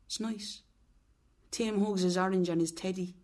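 Give me a woman reading a quiet young boy telling his story in a plain, understated way. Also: mid-range voice, steady tone, moderate pace, close to an everyday voice. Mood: wistful. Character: young boy in foster care, quiet and wistful. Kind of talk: first-person audiobook narration.

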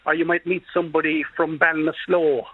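A man's voice: on the high side, little pitch movement, fairly quick, breathy edge. A man with a Kerry Irish accent, calling in to a radio show and chatting enthusiastically at length. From Ireland, Kerry. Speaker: radio caller. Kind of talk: casual phone-in chat. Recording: dull lo-fi radio phone-in.

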